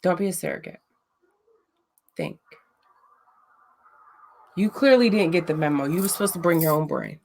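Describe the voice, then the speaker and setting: Blunt gravelly woman chatting. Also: fairly low pitch, moderate pace, pauses often, a little mellow. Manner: blunt, profane, roasting a chat troll. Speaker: livestream host. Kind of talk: casual livestream chat.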